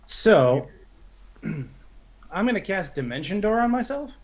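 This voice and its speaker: A man's voice: sits high, big pitch swings, slow pace, low-quality recording. A man playing a tabletop game, hesitant and thinking aloud as he asks about rules. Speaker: player.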